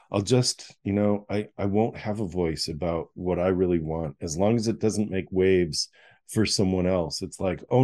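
A man's voice: fairly low pitch, dark tone. A middle-aged man, an author, is a guest in an interview, animatedly telling a personal story, acting out scenes and laughing often.

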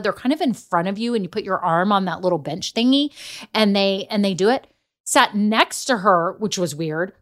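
A woman's voice: on the high side, fairly bright tone. A middle-aged woman, a business coach telling stories in a casual motivational talk. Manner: chatty storyteller, addresses listeners as y'all.

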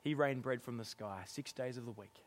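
A middle-aged man preaching a sermon, animated and often laughing as he acts out exasperated lines. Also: medium pitch, brisk.

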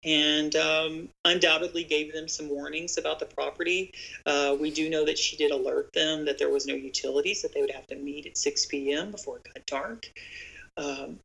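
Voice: medium pitch, steady tone, normal speed, vocal fry, sharp tone, low-quality recording. A podcast guest earnestly telling a story in conversation, speaking directly to listeners and giving safety tips to real estate agents.

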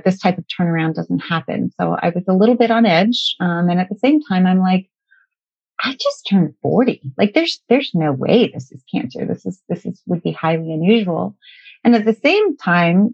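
A middle-aged woman with a low, gravelly voice tells a personal story in a loose, conversational way. She often restarts phrases and slips into the words other people said to her. The recording is dry and somewhat dull, with a lo-fi sound. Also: dry recording. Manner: conversational, with frequent restarts and quoted dialogue. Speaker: guest sharing a personal story.

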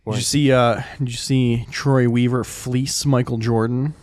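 A man co-hosting a podcast, teasing his friends with rough-mouthed banter. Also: mid-range voice, level tone, measured pace, a little mellow, no echo. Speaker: podcast co-host. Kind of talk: casual chat.

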